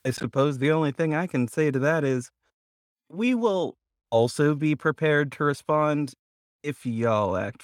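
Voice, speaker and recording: A man's voice: medium pitch, no room sound, clean studio sound. A man playing a tabletop game, talking bluntly with some swearing. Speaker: player.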